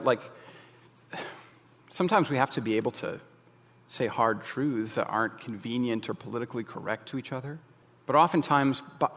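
A man's voice: medium pitch, in a large hall. A male pastor giving a sermon, candid and jokey, with emphatic asides.

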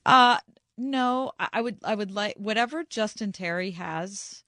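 A woman co-hosting a radio show, expressive and quick to exclaim in casual chat. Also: medium pitch, no room sound, studio quality. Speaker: radio co-host.

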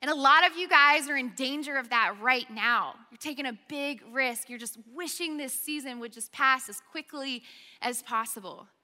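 A young woman gives a sermon in a chatty, conversational way, her high, very bright voice ringing through a reverberant church hall. She keeps checking in with her listeners. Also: normal speed. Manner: chatty storytelling, frequent "okay?" and "like". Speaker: speaker at a college ministry gathering.

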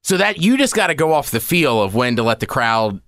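A man co-hosting a podcast, asking curious questions and chiming in with quick reactions. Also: medium pitch, big pitch swings, a bit bright, no room sound, clean studio sound. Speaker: podcast co-host. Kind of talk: casual chat.

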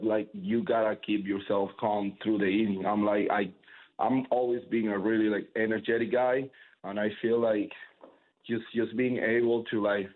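A man whose first language is Spanish, talking baseball in a casual interview. His voice sits on the low side and comes through a thin, phone-like line. He talks with energy and rambles, with fillers and restarts. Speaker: baseball pitcher, interview guest.

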